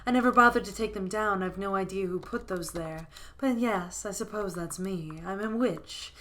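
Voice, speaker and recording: A woman voicing a lonely, motherly forest witch in a game, speaking softly and gently. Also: mid-range voice, normal speed, lightly acted. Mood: doting. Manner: soft, gentle and doting. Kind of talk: reading a game character aloud.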